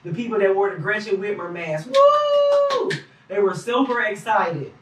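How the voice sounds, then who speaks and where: A man's voice: high-pitched, a little fast. A man recounting what he observed as a poll challenger in an emphatic, detailed way, recorded in an echoey room from a distance. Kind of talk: interview testimony.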